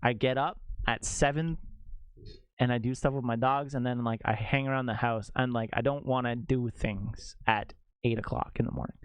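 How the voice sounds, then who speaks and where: A young adult man streaming a game tells viewers a rambling, animated story, leaning heavily on "like." His medium-pitched voice is clear and resonant, moving at a moderate pace with no echo.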